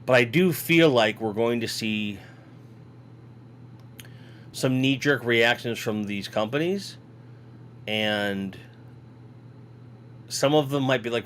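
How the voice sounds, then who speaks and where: In a lowish, unhurried voice with long pauses and a fairly bright tone, a man yawns his way through a casual live toy-collecting show. He reads viewer comments aloud and rambles, sitting in a home room with toy shelves behind, with slight background noise.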